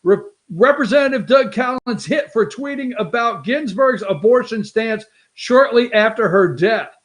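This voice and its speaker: A man hosting a political talk show, brash and excitable, with sarcastic asides. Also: very high-pitched, measured pace. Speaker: show host. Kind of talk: animated political commentary.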